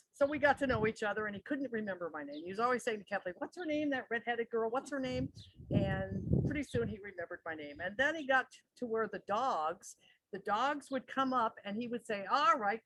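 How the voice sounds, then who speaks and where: A woman's voice: mid-range voice, a bit bright, no echo, low-quality recording. A woman sharing a chatty story about her neighbor at a memorial gathering, laughing now and then as she talks. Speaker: neighbor of the deceased.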